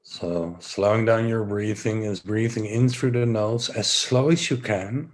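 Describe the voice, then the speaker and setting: A man from the Netherlands leads a guided breathing session, giving slow, soothing instructions in a voice on the low side. He's relaxed and self-joking, drifting into rambling asides now and then.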